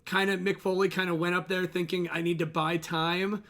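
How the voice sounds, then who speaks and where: High-voiced excitable man chatting. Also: moderate pace. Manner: excitable, swears, repeats phrases. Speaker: podcast co-host. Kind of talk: casual watch-along chat.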